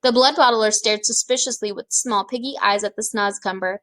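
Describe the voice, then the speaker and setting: A woman reading a children's book aloud, with expressive, measured storytelling. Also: medium pitch. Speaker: reader.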